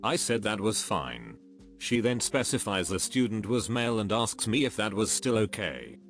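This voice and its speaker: A man narrating a series of reader-submitted stories in a steady, even, scripted reading. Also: on the low side, moderate pace. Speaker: narrator reading online posts. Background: faint background music.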